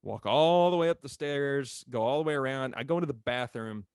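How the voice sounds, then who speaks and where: A man, a former mascot telling a story on a podcast in a lively, laughing way and acting out what people said. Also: mid-range voice, a little fast, smooth, no room sound, clean studio sound. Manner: animated, acts out quotes, laughs often.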